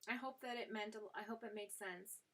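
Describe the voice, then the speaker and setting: Bright-voiced woman chatting on a live stream. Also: mid-range voice, fairly even intonation, a little fast. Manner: affectionate, calls viewers sweetheart and darling; chatty, laughs often, with frequent fillers. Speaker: tarot reader hosting a live stream. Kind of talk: casual live-stream chat and tarot reading.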